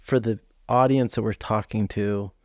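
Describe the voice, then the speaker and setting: A male podcast host sets up his question for the guest slowly and deliberately. His voice sits somewhat low. The sound is dry and close, with no echo. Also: steady tone. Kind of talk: interview questions. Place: podcast studio.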